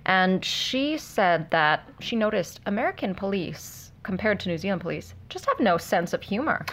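A woman co-hosting a podcast, telling stories in a relaxed, laughing way. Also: mid-range voice, normal speed. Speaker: podcast co-host. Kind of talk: casual chat.

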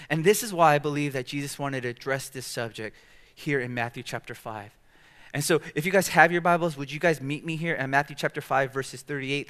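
A young man preaching a sermon as pastor, telling stories in an animated way in a church. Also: medium pitch, clear, resonant tone. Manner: animated storytelling, acting out quoted outbursts. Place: church sanctuary.

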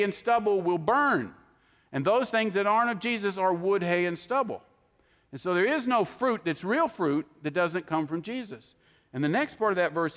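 A man's voice: high-pitched, fairly bright tone. A man preaching a sermon, explaining scripture in an earnest, emphatic way and often quoting verses. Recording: long hall reverb.

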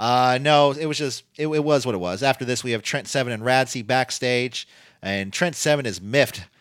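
A man's voice: medium pitch, moderate pace, a bit bright, no echo, clean studio sound. A man casually recapping wrestling matches as a podcast host, talking in loose play-by-play full of fillers and restarts. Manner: rambling, filler-heavy play-by-play with frequent restarts. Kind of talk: casual chat.

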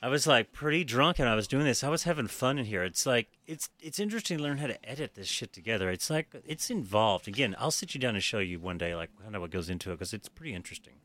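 A man's voice: mid-range voice, expressive, fast, hardly any pauses, a bit bright, no room sound. A man hosting a podcast, chatting casually, laughing often and swearing freely. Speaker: podcast host. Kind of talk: casual chat.

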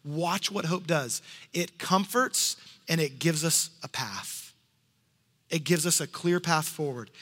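A man preaching a sermon as pastor, talking in a conversational way and dropping to soft hushed tones for emphasis. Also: a little high, slow pace, big-room sound. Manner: conversational asides.

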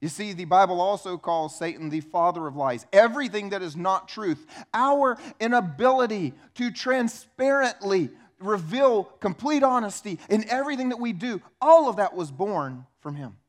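A man preaching a sermon, animated and emphatic, asking rhetorical questions of his congregation. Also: high-pitched, moderate pace, few pauses. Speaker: pastor.

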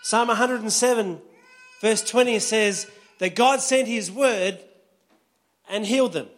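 A man's voice: high voice, a little slow. A pastor preaching a sermon in a conversational way, often checking in with his listeners.

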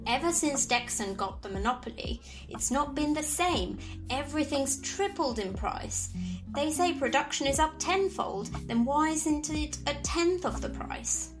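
A man's voice: extremely high pitch, animated, a little slow, music in the background, pitched above the performer's own voice, rough recording. A man voicing a kindly, gossipy old female centaur shopkeeper in a tabletop game. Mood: chatty. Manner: gossipy, salesy. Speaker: game master.

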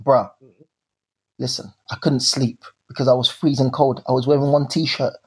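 A young man telling a story in casual chat, animated and full of slang, acting out his own drama. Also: medium pitch, moderate pace, breathy edge.

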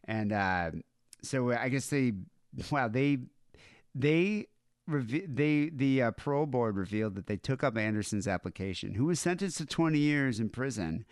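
A man's voice: mid-range voice, animated, normal speed, clean tone, dry recording, studio quality. A man co-hosting a comedy podcast, reading news stories aloud in a laid-back, wry way. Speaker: podcast co-host. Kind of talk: casual comedic chat.

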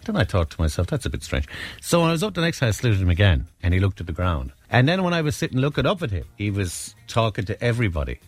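A man's voice: lowish voice, sing-song, quick pace, no echo. An Irish man telling a holiday story in casual chat, rambling and self-interrupting, often laughing at his own tale.

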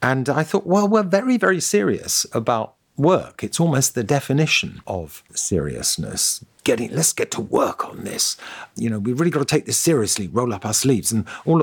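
A man's voice: mid-range voice, very animated, moderate pace, slightly rough. A man being interviewed as an author, talking in a reflective, digressive way and spinning wry anecdotes. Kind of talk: reflective conversational storytelling.

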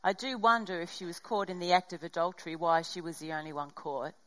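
A woman's voice: lowish voice, quick pace, poor audio. A middle-aged woman preaching a sermon, telling a personal story and acting out the dialogue. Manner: animated storytelling, acts out dialogue.

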